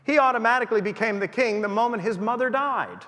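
A man's voice: sits high, animated, fairly quick, few pauses, a bit bright, long reverb tail. A man preaching a sermon in a church, emphatic and rising and falling for emphasis.

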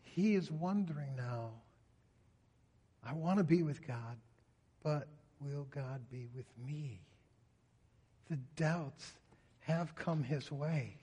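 A man's voice: a little high, slow, long pauses, warm tone, husky. A man preaching a sermon in an earnest way, often voicing a psalmist's pleas in prayer. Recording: reverberant hall.

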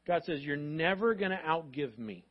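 A man with a high-pitched voice preaches to a congregation in an animated, expressive way and slips into voices of parents and of God. The recording sounds dull and lo-fi, as if captured from the stage of a church auditorium. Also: normal speed. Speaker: pastor. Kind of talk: sermon.

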